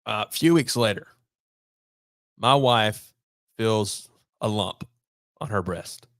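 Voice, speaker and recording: A man's voice: on the low side, lively intonation, slow, fairly bright tone, dry recording, clean studio sound. A man, a podcast guest telling a long personal story in casual talk, acting out bits of dialogue along the way. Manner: long anecdote with quoted dialogue and many restarts.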